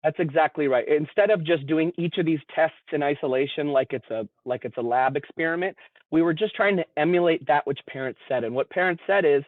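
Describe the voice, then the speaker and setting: A man's voice: on the high side, a little fast, no echo. A man presenting as a behavior analyst, earnestly walking listeners through a case and often repeating words as he starts a thought. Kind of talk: explanatory presentation. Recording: dry, tinny phone-like line.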